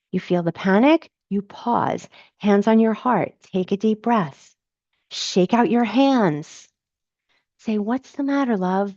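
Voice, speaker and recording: A woman's voice: medium pitch, darkish tone, no echo, dull audio. A woman coach answering viewers' comments in a live Q&A, encouraging and emphatic, repeating her key phrases.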